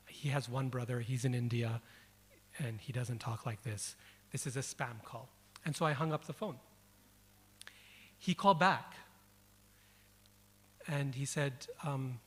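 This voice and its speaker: A man's voice: mid-range voice, unhurried, long pauses, slightly rough. Man giving a devotional talk in a reverberant hall. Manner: storytelling, reflective, repeats words for emphasis. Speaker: speaker. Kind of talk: devotional lecture. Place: event hall.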